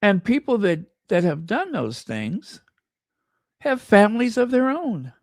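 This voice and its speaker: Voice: medium pitch, very animated, a little slow, no echo, studio quality. An American host giving impassioned, emphatic livestream commentary and reading viewer comments aloud. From United States. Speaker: channel host.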